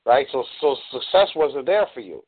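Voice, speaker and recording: A man's voice: mid-range voice, very animated, moderate pace. A man in a coaching call, explaining earnestly and drawing on examples. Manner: earnest, explanatory, uses y'all. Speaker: dating coach. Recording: tinny phone line.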